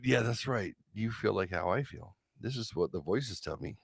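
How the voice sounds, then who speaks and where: A low, gravelly male voice swings wildly in pitch as he reacts on a live stream. His profane, incredulous commentary comes in bursts of theatrical disbelief. The sound is dry and close. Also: lively intonation, moderate pace, hardly any pauses, dry recording. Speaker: streamer host.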